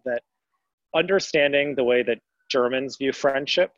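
A man's voice: medium pitch, normal speed, fairly bright tone, dry recording, dull audio. A young man talking about his time abroad in an interview, earnest and rambling, often restarting his sentences. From United States. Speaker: guest. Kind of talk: conversational interview.

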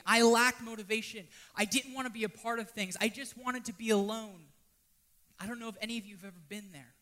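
A man preaching a sermon, swinging from loud pleading to hushed, almost whispered lines. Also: extremely high pitch. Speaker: pastor.

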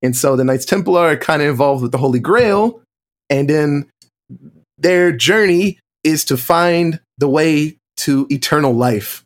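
In a relaxed podcast about movies, a man, either co-host or guest, talks through film trivia with animated, unhurried energy. His voice is slightly higher than most men's, and he often acts out quotes in exaggerated, shifting voices.

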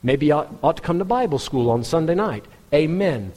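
A man preaching a sermon in a conversational, pointed way, jumping into a higher voice when he imitates people in the pews. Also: expressive, quick pace, darkish tone, long reverb tail. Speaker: pastor.

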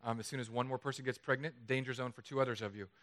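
A man preaching a sermon in a chapel, lively and conversational, with jokes. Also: medium pitch, very fast. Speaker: pastor.

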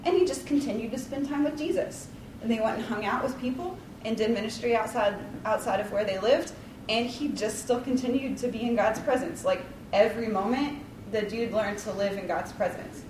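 A woman's voice: fairly high pitch, a little fast, background noise. Chatty woman leading bible study, lots of likes and ums, kinda far off in an echoey room. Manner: chatty, rambling, full of likes and ums, self-deprecating. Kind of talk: casual devotional talk. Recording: roomy, distant mic, faint ambience.

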